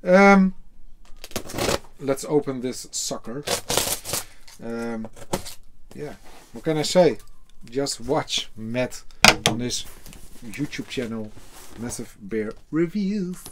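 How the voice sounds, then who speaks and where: A man with a Dutch accent, a native Dutch speaker, chatting casually in an unboxing video, halting often with fillers and cursing offhand. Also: medium pitch, animated, very noisy. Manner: hesitant, halting, full of fillers, casually swearing. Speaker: beer reviewer.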